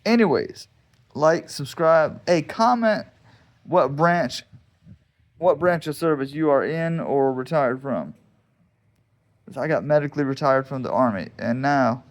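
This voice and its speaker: A man, an army veteran vlogging in a casual, joking, rambling way, often restarting his sentences outdoors in his backyard. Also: medium pitch. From United States. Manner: joking, wandering, repeats himself, restarts sentences. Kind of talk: casual rambling monologue to camera.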